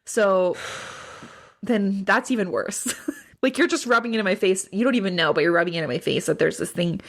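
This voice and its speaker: A woman co-hosting a podcast, talking in an animated, rambling way full of fillers. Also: mid-range voice, normal speed. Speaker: podcast co-host. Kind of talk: casual chat recapping a TV episode.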